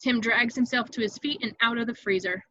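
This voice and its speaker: A woman reading stage directions aloud in an amateur online table read, brisk and vivid, with occasional slips she corrects. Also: fairly high pitch, pushed and bright, no echo, lo-fi sound.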